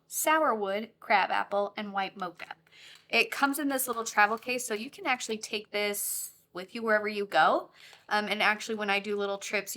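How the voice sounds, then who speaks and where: Bright, bubbly woman teaching watercolor. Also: mid-range voice. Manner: bubbly, giggly and grateful. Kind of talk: friendly tutorial instruction.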